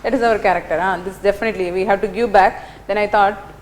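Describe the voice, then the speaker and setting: A woman's voice: mid-range voice, steady tone, fast, a little hiss or hum. A middle-aged woman giving a classroom lecture, telling stories animatedly with many fillers and tag questions. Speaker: teacher.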